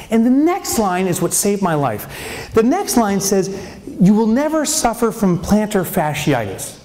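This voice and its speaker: A man giving a humorous business keynote on stage, telling a story in an animated way and acting out scenes with shouts. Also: sits high, moderate pace. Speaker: keynote speaker. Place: on stage in a large venue. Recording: long hall reverb.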